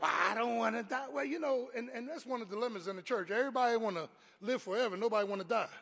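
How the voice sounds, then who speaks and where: A man preaching a sermon as pastor, with call-and-response lines, swinging from quiet talk to shouted peaks. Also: very high-pitched, rapid-fire, big-room sound.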